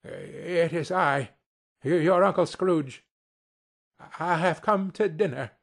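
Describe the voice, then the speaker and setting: A man's voice: on the high side, slow pace, full character voice. A man reading an audiobook, voicing an old man who plays stern and then turns hearty and generous. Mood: humble. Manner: gruff mock sternness turning hearty. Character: old man, reformed miser, suddenly jovial. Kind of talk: storybook reading.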